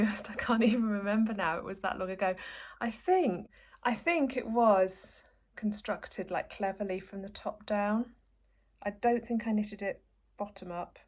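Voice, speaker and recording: Host, woman, casual and rambling, mid-pitched voice. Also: a little mellow. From northeast England. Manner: chatty, rambling, self-correcting. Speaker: podcast host. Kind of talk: casual chat to camera.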